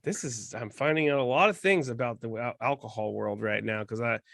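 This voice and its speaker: A man hosting a casual sports podcast, chatty and quick to joke at his own expense. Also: mid-range voice, creaky, a bit bright, no room sound, studio quality. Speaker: podcast host.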